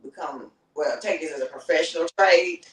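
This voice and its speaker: A woman's voice: deep voice, moderate pace, recorded from a distance. Rambling woman, off-mic in a roomy space. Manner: relaxed, rambling, many fillers. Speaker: guest. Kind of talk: casual chat.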